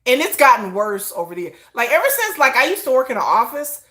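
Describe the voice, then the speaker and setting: A woman's voice: fairly high pitch, fast talker. A woman hosting a casual livestream, telling stories with lots of laughter and acted-out quotes. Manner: animated storytelling, acts out quotes, laughs often; self-described shy introvert. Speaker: livestream host. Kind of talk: casual chat.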